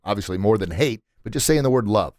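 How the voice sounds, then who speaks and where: A man's voice: lowish voice, expressive, fast talker, a little mellow, no room sound. A middle-aged man hosting a motivational podcast from a recording studio, preachy and emphatic, hammering points home by repeating words. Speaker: podcast host. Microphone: studio mic.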